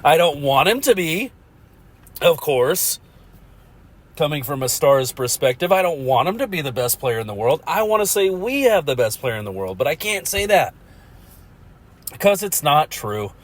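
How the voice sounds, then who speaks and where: A man's voice: a little high, sing-song, normal speed. Chuckling, rambling male podcast host. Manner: rambling, chuckles often, self-mocking. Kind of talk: casual solo podcast monologue.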